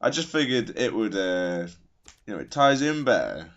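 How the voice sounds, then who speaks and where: A man's voice: on the low side, big pitch swings, moderate pace. A man giving casual, wry, self-mocking commentary over his football video game, rambling into asides. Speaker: gaming commentator. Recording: slightly dull lo-fi recording.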